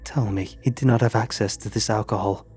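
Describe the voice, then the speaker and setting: A man's voice: fairly low pitch, steady tone, brisk, soft background music, natural voice. A man voicing a furious stern woman soldier. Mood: quiet dread. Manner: shouting, scolding.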